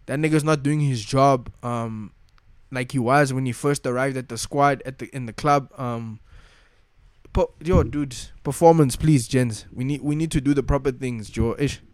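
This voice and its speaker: Young male fan vlogger, mid-pitch, frustrated slangy rant, dry close recording. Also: moderate pace, darkish tone, no room sound. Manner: frustrated, slangy, repeats himself. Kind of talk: casual rant.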